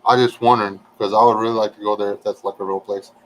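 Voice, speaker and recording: A man's voice: fairly low pitch, flat delivery, fast, fairly bright tone, low-quality recording. Folksy joking man chatting with viewers. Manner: folksy, joking, reading chat aloud. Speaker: livestream host chatting with viewers. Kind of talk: casual livestream chat.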